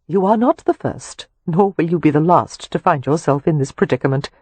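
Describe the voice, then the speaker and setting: A woman reading the part of a composed society matron, gentle and tactful. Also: deep voice, animated, a little fast, husky, no echo.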